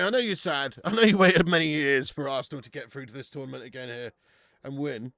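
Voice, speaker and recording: A man's voice: on the high side, brisk, sharp tone, no room sound, clean studio sound. A young man hosting a live watch-along stream, bantering with viewers, swearing and laughing often. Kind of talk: live casual chat to viewers.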